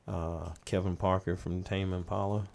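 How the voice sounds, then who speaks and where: A middle-aged man, a studio owner casually telling stories as a podcast guest with relaxed, rambling anecdotes. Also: sits low, moderate pace, creaky. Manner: relaxed, rambling anecdotes, laughing as he tells them. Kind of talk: casual storytelling in a podcast interview.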